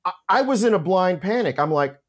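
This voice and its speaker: A middle-aged man telling an anecdote in casual conversation, animated and full of restarts. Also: high-pitched, fairly quick. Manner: animated storyteller, many restarts. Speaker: podcast co-host telling a story.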